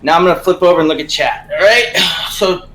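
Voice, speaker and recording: A man with a high, bright voice chats casually and puts himself down in a laid-back way. His voice rings out in an echoey room. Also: animated, quick pace, soft background music. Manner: self-deprecating, laid-back. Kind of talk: casual chat.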